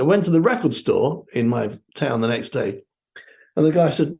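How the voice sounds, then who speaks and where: A man's voice: medium pitch, big pitch swings, fairly quick, vocal fry, a little mellow. A man guesting on an interview show, chatting casually and telling rambling stories with many fillers. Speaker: guest musician.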